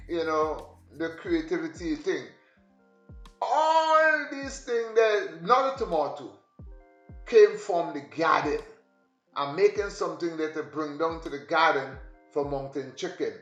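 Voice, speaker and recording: A man's voice: a little high, lively intonation, unhurried, a bit bright, dull audio. A man giving a rambling home tour as a vlogger, talking straight to his viewers. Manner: rambling, chatty, addresses viewers directly. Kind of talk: casual home tour vlog. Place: home room and kitchen. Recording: echoey room, faint music behind.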